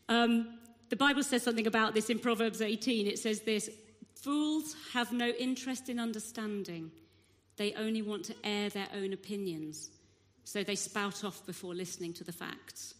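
A woman giving a sermon, telling a Bible story with expressive delivery and acting out the crowd's voices. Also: mid-range voice, moderate pace. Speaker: preacher. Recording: long hall reverb.

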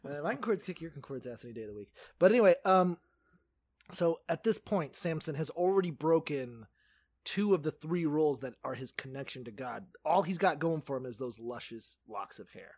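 Gravelly, animated man swearing casually. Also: fairly high pitch, brisk, no echo. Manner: profane, sarcastic, puts on voices for characters. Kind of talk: casual podcast chat retelling a Bible story.

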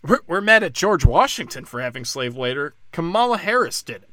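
A man's voice: a little high, very animated, fairly quick, hardly any pauses, no echo. Sarcastic ranting man, dry close sound. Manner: sarcastic, mocking, swings from loud outbursts to muttering. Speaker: political commentator. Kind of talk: profane political rant.

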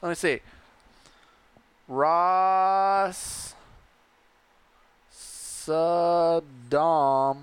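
A man's voice: on the high side, steady tone, drawn-out words, pauses often, smooth, dry recording. A man co-hosting a podcast in casual chat, joking around, laughing often and playing with words. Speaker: podcast co-host.

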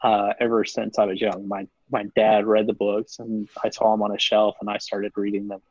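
An excitable man rambles through a podcast chat in a husky voice. The sound is dry and a bit dull, as if through a modest mic. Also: lowish voice, moderate pace, no echo. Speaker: podcast co-host. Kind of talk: casual chat.

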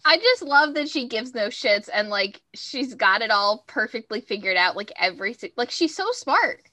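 A woman's voice: on the high side, expressive, moderate pace, pushed and bright. A woman co-hosting a podcast, chatting casually about a TV episode and quoting characters. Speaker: podcast co-host. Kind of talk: casual TV recap chat.

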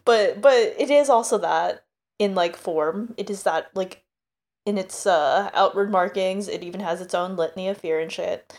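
A woman's voice: medium pitch, normal speed, darkish tone. A woman co-hosting a casual book podcast, talking in a loose, filler-heavy way. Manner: chatty, filler-heavy, laughs along. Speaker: podcast co-host.

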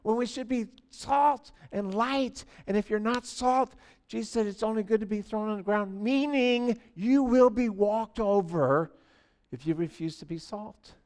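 A man in his sixties preaching a sermon in a church, telling stories animatedly and swinging from quiet asides to near shouting. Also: high-pitched, unhurried. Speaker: pastor.

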